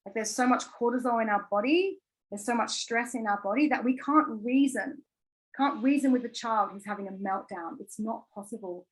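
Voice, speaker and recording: A woman's voice: fairly high pitch, normal speed, poor audio. A woman in her thirties, a wellbeing coach giving a conversational masterclass, earnest and candid, full of "like" and restarts. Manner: chatty, filler-heavy with frequent "like" and restarts.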